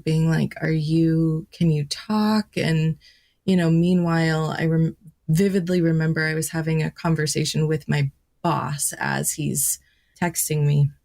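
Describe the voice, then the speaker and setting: A woman hosting a podcast, telling a personal story in a halting, reflective way, with pauses and restarts. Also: fairly low pitch. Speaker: podcast host.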